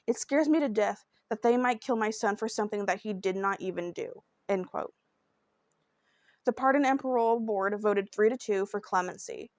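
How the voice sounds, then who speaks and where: A woman's voice: medium pitch, moderate pace, no echo, studio quality. A woman hosting a true crime podcast, narrating a case in an earnest, emotional and heartfelt way. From Oklahoma.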